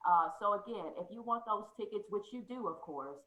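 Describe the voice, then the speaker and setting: A woman hosting a casual chat, loose and joking, quick to laugh. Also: medium pitch, expressive, pushed and bright. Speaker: host. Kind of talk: casual video call chat. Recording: echoey room.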